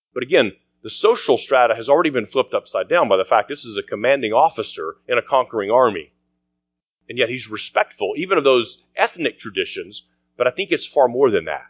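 A man preaching a sermon as pastor, earnest, often dropping to a quiet voice for emphasis. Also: mid-range voice, no echo. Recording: dry, dull lo-fi sound.

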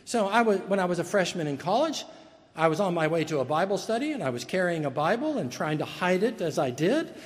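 A pastor with a notably high voice preaches earnestly from the pulpit in a church sanctuary, briskly and in a sing-song way. He presses his points with repeated words and restarts, and a long reverb fills the large church hall.

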